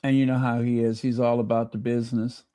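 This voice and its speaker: A man hosting a live stream, gushing excitedly to his viewers. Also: medium pitch, fast, no echo, studio quality. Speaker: channel host.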